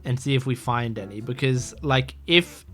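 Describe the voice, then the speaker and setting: A man's voice: medium pitch, normal speed, faint music behind. A man casually playing a mystery game, reading its text aloud and rambling through side stories. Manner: rambling, full of fillers and restarts.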